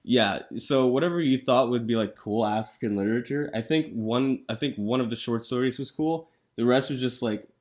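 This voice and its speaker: A young man with a mid-range voice who rambles and hesitates, filling gaps with lots of fillers. He tells stories in relaxed chat as a podcast co-host. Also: medium pitch, normal speed, hardly any pauses. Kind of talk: casual chat.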